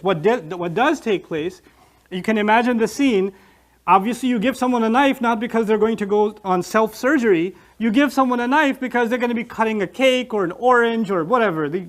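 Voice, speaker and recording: A man teaches from the Quran in a fast, animated delivery. His voice sits fairly high, and he acts out the scenes he describes. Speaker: Islamic lecturer. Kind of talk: Quran lecture with retold scenes.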